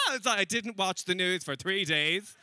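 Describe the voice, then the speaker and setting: A man doing stand-up comedy before a live audience, chatting with the crowd in a self-mocking, quick way. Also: high voice, heavy background noise. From Ireland.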